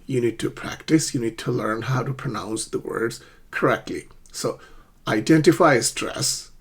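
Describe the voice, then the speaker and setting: A man with a medium-pitched, slightly rough voice gives an English pronunciation lesson, talking slowly and deliberately and overemphasizing the stressed syllables.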